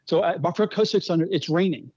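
A man interviewed as a speedway executive, telling animated anecdotes with many restarts. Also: sits high, a little fast, breathy edge, dry recording, highs cut off. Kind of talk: interview storytelling.

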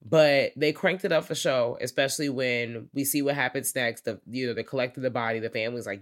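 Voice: medium pitch, fairly quick, hardly any pauses. Casual podcast co-host, loose profane recap. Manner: loose, profane film recap with voiced quotes. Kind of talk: casual chat.

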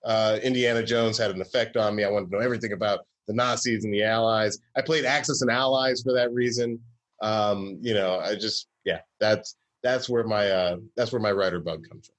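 A man's voice: fairly low pitch, steady tone, fairly quick, a bit bright. A man from Georgia, a comedy writer, telling stories in a casual interview with many fillers and restarts.

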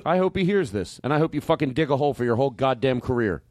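A man's voice: mid-range voice, lively intonation, fast, a little mellow, no echo. A man hosting a comedy podcast, talking defensively and sounding flustered. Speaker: podcast host.

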